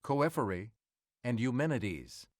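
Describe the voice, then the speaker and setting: A man hosting a quiz show, reading clues in a measured, crisp way and calling on the player to choose again. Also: medium pitch, very animated, no room sound, clean studio sound.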